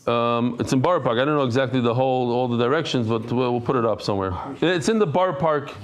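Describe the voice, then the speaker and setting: A middle-aged man from the United States leading a Talmud class before a live audience, chatting, joking and quickly reading out names. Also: mid-range voice. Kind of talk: casual class talk. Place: study hall with a live audience.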